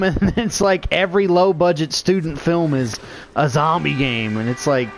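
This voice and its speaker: A man's voice: on the high side, moderate pace, faint music behind. Rambling, swearing middle-aged man. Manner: rambling, profane, laughs often. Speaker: gaming vlogger. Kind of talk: casual gameplay chat.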